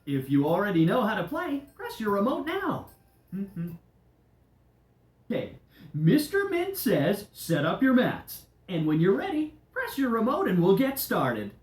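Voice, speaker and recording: A cheerful candy game leader, played by a woman, coaxing kids along with a wildly bouncing, sing-song voice and slow, clear pacing. The sound is roomy with echo, and light music runs behind, like a children's DVD game. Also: medium pitch, wildly swooping pitch, darkish tone.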